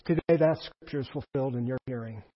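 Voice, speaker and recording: A man preaching a sermon in an animated way, with emphatic peaks and asides to the congregation. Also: mid-range voice, fast talker, dull audio. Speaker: pastor.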